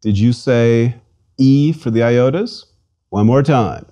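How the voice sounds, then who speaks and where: A man's voice: mid-range voice, warm tone. A man giving a scripted language lesson, patiently spelling out letters and sounding out syllables for listeners to repeat. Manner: slow, patient, enunciates each letter and syllable. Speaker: language instructor.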